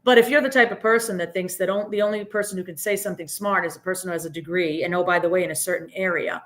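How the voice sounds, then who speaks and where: A woman's voice: on the low side, fairly even intonation, fast talker, fairly bright tone. Earnest woman. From Boston area, US. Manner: earnest, emphatic, frequent "right?" tags. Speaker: podcast guest. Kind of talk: reflective interview talk.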